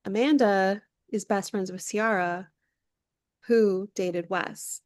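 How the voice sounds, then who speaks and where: A woman's voice: medium pitch, fairly even intonation, slow, a little mellow, dry recording. Woman podcast co-host, 30s, gossipy casual recap, dry close sound. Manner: chatty gossip recap, lots of "like" fillers. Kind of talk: casual chat.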